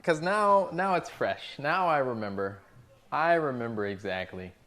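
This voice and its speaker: A man's voice: mid-range voice, lively intonation, measured pace, a bit bright. A man cooking on a livestream who talks to his chat and tells exasperated, profane stories about difficult restaurant customers. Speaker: restaurant cook streaming to chat. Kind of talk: casual livestream rant while cooking.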